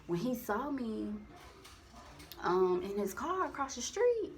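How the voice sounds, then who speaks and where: Her voice runs on the high side and is very animated, yet she takes her time. It's a casual storytime monologue in which a young woman candidly rambles through a personal tale into a phone camera, heavy on slang and profanity, with a slight hiss or hum audible.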